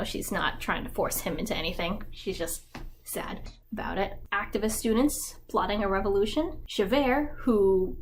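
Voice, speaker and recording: A woman's voice: medium pitch, a bit bright, a little hiss or hum. Chatty woman, irreverent plot summary. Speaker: YouTube creator. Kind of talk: casual story summary.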